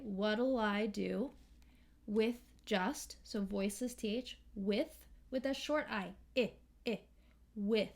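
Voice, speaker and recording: An American woman teaching English pronunciation, slowly and carefully modeling sounds and words. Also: fairly high pitch. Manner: slow, careful, models sounds and sings lines. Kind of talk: pronunciation lesson with sung examples.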